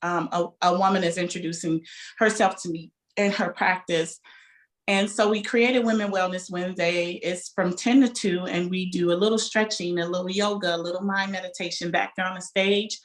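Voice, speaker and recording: A woman, a bookstore owner talking warmly and with feeling about her store and community. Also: fairly low pitch, normal speed. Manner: animated, heartfelt storytelling. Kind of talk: casual interview talk.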